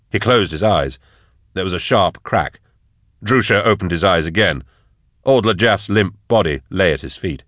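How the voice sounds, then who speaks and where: Clean studio recording with no room sound carries a deep male voice narrating an audiobook. The scripted reading is measured and steady, in a storytelling style.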